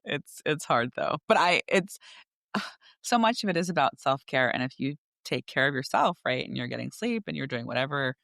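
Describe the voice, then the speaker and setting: Animated mom telling parenting stories. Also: female voice, very deep voice, normal speed, gravelly, no room sound, studio quality. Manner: animated storyteller who acts out her kids' voices. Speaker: podcast co-host and coach. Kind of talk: casual chat.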